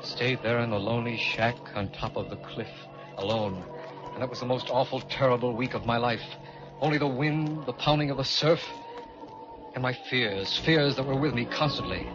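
A man's voice: medium pitch, normal speed. Guy telling a spooky old radio story, tense and haunted, muffled with music behind. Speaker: narrator and lead. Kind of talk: old-time radio drama narration.

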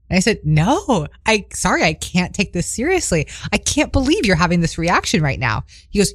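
A young woman co-hosting a podcast, telling a story in a casual, animated way, laughing often and acting out quotes. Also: on the low side, a little fast, few pauses, dry recording, clean studio sound. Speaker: podcast co-host.

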